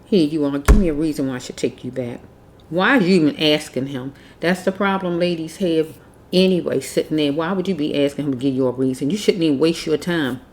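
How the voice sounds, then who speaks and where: A woman's voice: deep voice, a little fast, a little mellow, a little hiss or hum. A woman giving a casual tarot reading, blunt and preachy, repeating herself as she scolds. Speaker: tarot reader.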